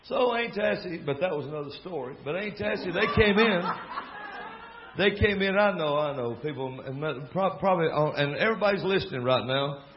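A man with a Southern US accent, a preacher telling a family story in a folksy, animated way with laughing asides. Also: a little high, fairly quick, few pauses. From American South. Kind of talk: storytelling sermon. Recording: dull lo-fi recording with faint crowd and noise. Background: faint audience laughter.

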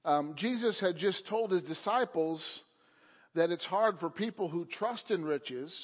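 A man preaches to his congregation in a loose, unhurried way, pausing on filler sounds as he goes. His voice sits a little high, and the sound is dull and lo-fi. A long reverb trails behind it in the church hall. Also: breathy edge. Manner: casual, hesitant with many uh fillers. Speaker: pastor. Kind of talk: sermon. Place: church sanctuary.

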